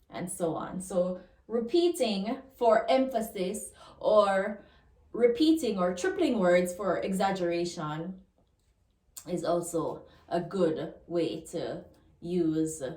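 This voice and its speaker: Slow Jamaican woman teaching language. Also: on the low side, dark tone. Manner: slow and deliberate, repeats example words, laughs now and then. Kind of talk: lesson explaining pronunciation rules. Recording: echoey room.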